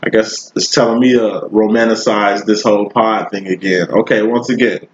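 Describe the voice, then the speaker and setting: A man's voice: on the low side, steady tone, normal speed, slight background noise. A man giving a casual tarot reading, talking in a loose, slangy, profane way and spinning long rambling analogies. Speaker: tarot reader. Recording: roomy, dull lo-fi recording.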